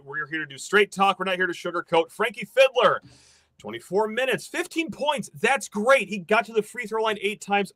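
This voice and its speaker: Brief: high, lively man, podcast host on a sarcastic rant, dry close sound. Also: no echo. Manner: animated, ranting, sarcastic.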